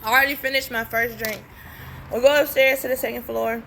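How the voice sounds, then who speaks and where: A woman's voice: a little high, fairly quick, vocal fry, slight background noise. A young woman telling a story casually, blunt and profane, acting out the dialogue as she goes. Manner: blunt, profane, animated retelling with quoted dialogue. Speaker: storytime vlogger.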